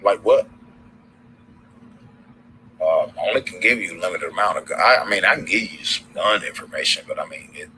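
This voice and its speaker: Southern male streamer, very low pitch, rambling slangy delivery, light background hiss. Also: animated, fairly quick, long pauses, pushed and bright, low-quality recording. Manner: loose, rambling, slangy, many fillers. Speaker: livestream host. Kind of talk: casual livestream sign-off.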